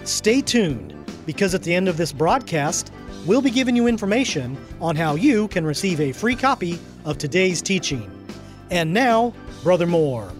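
A man reading a scripted radio introduction in a measured, smooth announcing manner. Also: high-pitched, very animated. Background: music.

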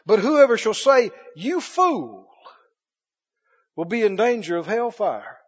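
A male preacher giving a sermon, emphatic and swinging between loud and hushed. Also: sits high, very animated, slow, slightly rough. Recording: dull echoey hall recording.

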